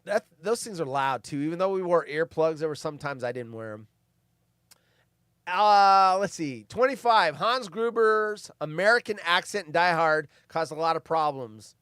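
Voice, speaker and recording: High-voiced man reading movie trivia. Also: lively intonation, normal speed, fairly bright tone, clean tone, no room sound, clean studio sound. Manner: reads facts, then adds offhand asides. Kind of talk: casual commentary over a film.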